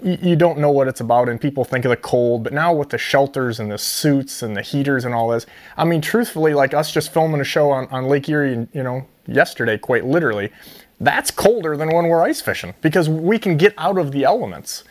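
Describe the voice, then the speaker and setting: A man from Ohio who hosts a fishing show, telling long, animated stories in casual chat with lots of fillers. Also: medium pitch, brisk. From Ohio, USA. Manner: rambling storyteller, animated with many fillers.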